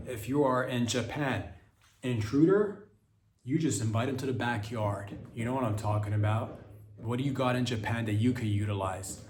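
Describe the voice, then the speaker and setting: Male comic host, mid-pitched, riffs crude bits with frequent restarts; echoey room sound. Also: a little hiss or hum. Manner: crude, riffing, stumbling restarts. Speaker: podcast host. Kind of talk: rambling comedic monologue. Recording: roomy echo.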